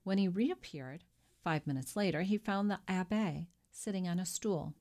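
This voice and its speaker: A woman reads a classic novel aloud as an audiobook narrator. Her voice is on the low side, and she tells the story at a measured, expressive pace.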